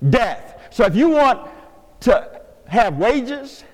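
An older man preaching a sermon in a church, swinging from hushed, drawn-out pleas to loud calls to the congregation. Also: very high-pitched, very animated. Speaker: pastor. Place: church sanctuary. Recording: long hall reverb.

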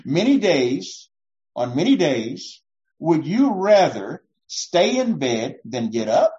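An older male pastor delivers a folksy sermon, pitch rising and falling a lot. He jokes at his own expense and teases the congregation. The sound is dull and lo-fi. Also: big pitch swings, slow, a little mellow.

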